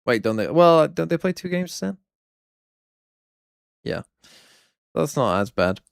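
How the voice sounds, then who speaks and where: A man's voice: fairly high pitch, very animated, takes it slowly, vocal fry, clear, resonant tone, dry recording, clean studio sound. A man streaming, casually reviewing viewers' fantasy teams in a wry, blunt way, thinking aloud. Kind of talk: casual livestream commentary.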